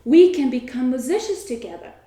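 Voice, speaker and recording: A woman's voice: sits high, expressive, a little fast, warm tone, reverberant. A woman voicing a male donkey in a storybook tale, friendly and questioning. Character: male donkey, sturdy and leading.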